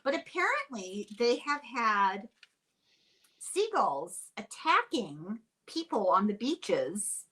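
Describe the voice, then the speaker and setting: A woman's voice: on the high side, takes it slowly, slightly rough. Older woman host from ireland, chatty, voice bouncing all over, laughs a lot. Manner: chatty and animated, laughs often. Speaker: podcast host. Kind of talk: casual chat.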